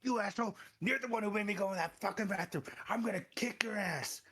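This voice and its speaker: A man's voice: high voice, expressive, normal speed, creaky, pushed and bright, faint music behind, voice pushed up, exaggerated voice. A man voicing a furious, foul-mouthed swindled guy. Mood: enraged. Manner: swearing, indignant outbursts.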